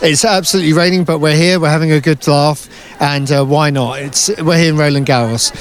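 Brief: British male spectator, cheerful and easygoing, slightly high voice, outdoors. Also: steady tone, a little fast. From Britain. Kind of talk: casual street interview. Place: outdoors in the rain.

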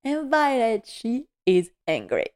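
A woman hosting a podcast, giving a casual episode recap in a quick, emotional, heartfelt way. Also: on the high side, wildly swooping pitch, darkish tone, clear, resonant tone. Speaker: podcast host.

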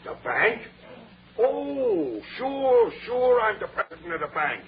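An actor playing a dim, slangy crook posing as a bank president in a 1930s radio comedy, on a muffled old broadcast with hiss. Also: male voice, sits high, sing-song, exaggerated voice. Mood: sly. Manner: slangy gangster talk, slow and sly. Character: dim tough-guy burglar posing as bank boss.

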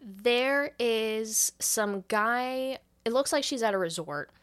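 A woman co-hosting a podcast, casually retelling a movie plot with loose, profane storytelling and quick laughs. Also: fairly high pitch, fairly bright tone. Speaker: podcast co-host recapping a movie. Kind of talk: casual chat.

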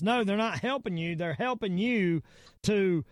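A middle-aged man with a Southern US accent from the Virginia / North Carolina area speaks a little slowly in a high voice, recorded dry with clean studio sound. As a podcast host, he delivers a casual, rambling, emphatic rant with repeated words, then signs off.

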